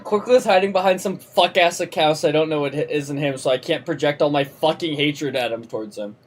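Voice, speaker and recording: In a deep voice and brisk delivery, a young adult woman chats on her game stream, ranting animatedly and swearing a lot.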